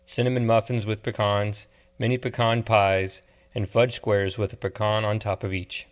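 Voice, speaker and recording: A man narrating an audiobook novel in a measured, steady way. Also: fairly low pitch. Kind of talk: scripted narration.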